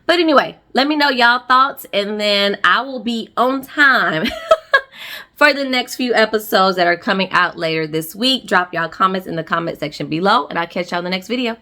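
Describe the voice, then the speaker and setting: A woman's voice: medium pitch, animated, fairly quick, hardly any pauses, pushed and bright. A woman recapping a reality TV episode for her viewers in a casual, sassy way, full of slang and asides.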